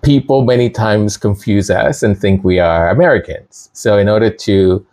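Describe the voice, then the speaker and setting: A man's voice: lowish voice, normal speed, a little mellow. A middle-aged man from Canada talking casually to his viewers, chatty and rambling, often laughing and restarting his sentences. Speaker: channel host. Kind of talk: casual commentary monologue.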